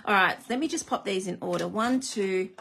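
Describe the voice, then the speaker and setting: A woman's voice: medium pitch, normal speed, gravelly, a bit bright, a little hiss or hum. A woman hosting a live card-making demonstration, chatty and self-deprecating, greeting viewers as she works. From Australia.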